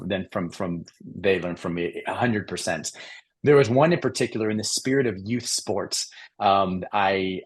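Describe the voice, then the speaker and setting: A middle-aged man, a mental performance coach, talking earnestly in an interview and acting out the people in his stories. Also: fairly low pitch. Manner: earnest, acts out quoted voices in stories. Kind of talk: conversational storytelling interview.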